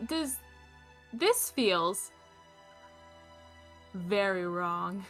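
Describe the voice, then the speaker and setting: A woman player at the table, blunt and exasperated in her casual chatter. Her pitch sits mid-range, with faint music playing underneath. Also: expressive, drawn-out words, a bit bright.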